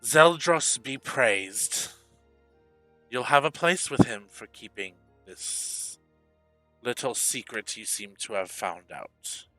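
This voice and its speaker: A man's voice: lowish voice, lively intonation, unhurried, a bit bright, faint music behind, poor audio. A man voicing a smug, menacing male dwarf priest who schemes in a fantasy tabletop game.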